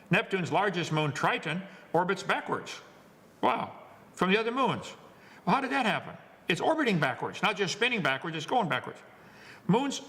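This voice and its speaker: A man's voice: high voice, bright, forceful tone, big-room sound. A man giving a lecture to an audience, wisecracking, preachy and emphatic. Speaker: seminar speaker.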